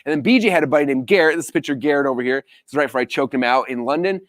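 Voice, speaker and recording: Fast-talking energetic man telling a story. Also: medium pitch, dry recording. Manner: energetic storytelling, acting out quoted dialogue. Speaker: business coach. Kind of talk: live training talk.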